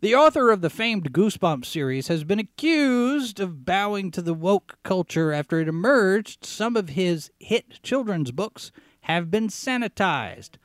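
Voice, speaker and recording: A man hosting a talk show, giving sarcastic commentary as he reads out headlines, often clearing his throat and restarting his sentences. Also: high-pitched, sing-song, unhurried, dry recording, studio quality. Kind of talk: opinionated commentary, reading headlines.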